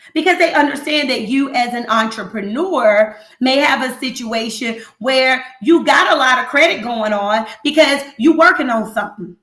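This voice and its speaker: A woman host with a high, bright voice gives straight, playful business talk, full of slang and repeats. Her voice rings in an echoey room. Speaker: accountant hosting a business talk show. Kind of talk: lively casual talk.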